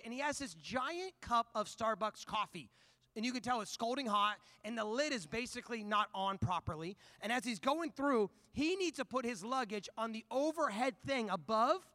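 A man preaching a sermon, telling a personal story in an animated, conversational way before turning to scripture. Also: extremely high pitch, no room sound, clean studio sound. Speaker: pastor.

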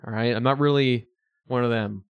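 A man's voice: mid-range voice, fairly even intonation, moderate pace, clear, resonant tone, no echo, lo-fi sound. A man in his twenties co-hosting a podcast in casual chat, profane and joking. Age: 20s. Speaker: podcast co-host.

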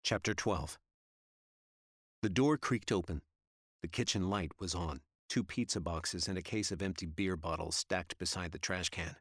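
A man narrating an audiobook in a steady, measured reading style. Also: low voice, breathy edge, dry recording, clean studio sound. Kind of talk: scripted narration.

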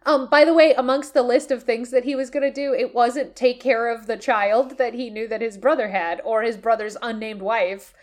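Exasperated ranting woman, fairly high voice. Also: steady tone, normal speed, few pauses. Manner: exasperated, ranting, swears freely. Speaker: podcast co-host. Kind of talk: casual chat recapping a video game.

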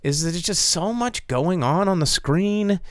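A man's voice: high voice, animated, a little slow, dry recording, clean studio sound. A man co-hosting a podcast, chatting casually and a bit profanely about a movie he saw, rambling with many fillers and restarts. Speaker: podcast co-host. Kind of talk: casual movie review chat.

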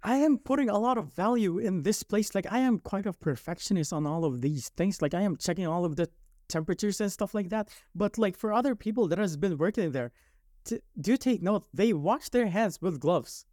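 A man's voice: high voice, lively intonation, a little fast, mellow, dry recording, clean studio sound. A young man from Canada telling his story in a casual podcast chat, rambling with lots of likes and restarts. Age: young adult.

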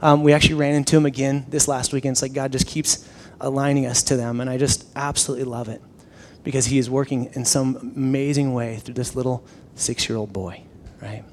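A male pastor telling a personal story in a conversational sermon, animated, with frequent restarts and repeated words. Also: medium pitch, brisk, slight background noise.

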